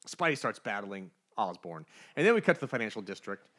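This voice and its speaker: Podcast co-host, male, lower register, bright and punchy delivery, animated comic recapper. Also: a little fast. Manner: animated storyteller, briefly voicing characters. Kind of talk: casual comic book recap.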